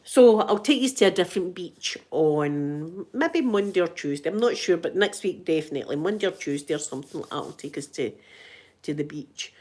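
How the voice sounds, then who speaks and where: A woman's voice: on the low side, expressive, brisk, a little mellow. A middle-aged woman with a Scottish accent, chatting casually to camera in a rambling, laughing way. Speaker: vlogger. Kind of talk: casual chat.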